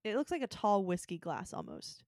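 A woman's voice: medium pitch, wildly swooping pitch, moderate pace, gravelly, darkish tone, dry recording, studio quality. A woman co-hosting a podcast, reacting playfully and laughing easily. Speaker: podcast co-host. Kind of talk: casual chat.

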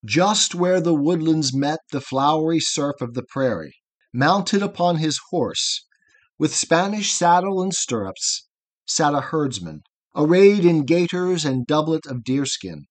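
A male audiobook narrator reads a long poem aloud, following its rolling metre in a steady, measured way. His voice sits a little higher than most men's. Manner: measured, rhythmic verse reading.

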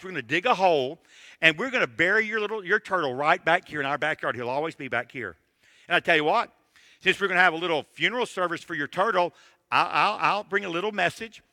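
A man voicing a kind father who soothes his grieving little son with quick, coaxing promises. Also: on the high side, sharp tone, no echo, in a large hall. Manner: coaxing, rapid string of promises.

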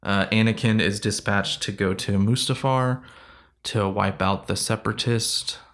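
A man's voice: on the low side, steady tone, unhurried, a bit bright. A man co-hosting a casual chat, recapping a story and laughing easily. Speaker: podcast co-host.

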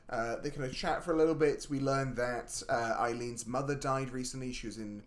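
A man's voice: mid-range voice, steady tone, normal speed, few pauses. A man co-hosting a podcast, recapping a film plot in casual chat with wry jokes. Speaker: podcast co-host.

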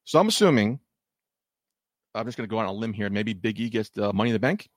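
A man's voice: on the low side, expressive, fast, dry recording, clean studio sound. A man co-hosting a wrestling podcast who talks bluntly, emphatically, and moves the show from match to match. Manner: blunt, emphatic, runs the segments. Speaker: podcast co-host. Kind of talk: casual wrestling chat.

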